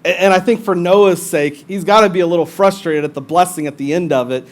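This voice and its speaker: Pastor guy, highish voice, preaching to his church, gets loud then goes real quiet. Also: fairly quick. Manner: impassioned and conversational, swinging from loud to hushed. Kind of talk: sermon. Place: church service before a congregation.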